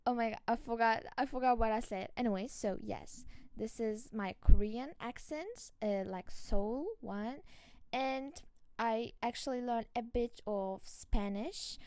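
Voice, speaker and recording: A woman's voice: fairly high pitch, measured pace, darkish tone, no echo. A woman from Türkiye with a Turkish accent, a podcast host chatting casually on her own, giggly and chatty, often restarting words. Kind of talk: casual solo chat.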